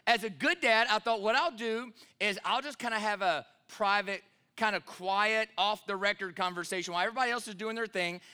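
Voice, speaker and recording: A man in his thirties preaching a sermon as pastor, telling a story in a relaxed way with many fillers and then pressing his point with emphasis. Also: sits high, a little fast, smooth.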